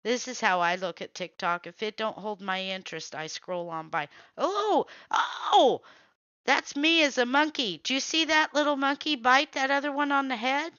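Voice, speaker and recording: A woman hosting a casual show, giving blunt running commentary and waving off what she doesn't like. Her voice is bright, smooth and crisp, and she speaks unhurriedly. The sound is dry and a little dull, like a simple home setup. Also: high-pitched, lively intonation, dry recording. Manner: blunt, reactive, quick to say nope. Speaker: host. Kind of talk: casual running commentary while scrolling videos.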